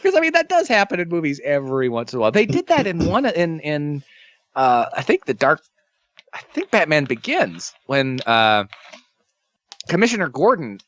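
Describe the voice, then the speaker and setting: A man co-hosting a podcast in casual comedic chat, joking and cursing and drifting into quick tangents. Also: on the high side, wildly swooping pitch, a bit bright, dry recording, dull audio. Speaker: podcast co-host.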